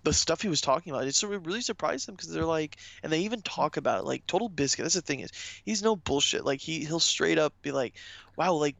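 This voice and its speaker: A man's voice: a little high, animated, quick pace, gravelly, a bit bright, no echo. A man co-hosting a casual podcast, rambling enthusiastically and swearing casually. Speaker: podcast co-host. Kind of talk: casual chat.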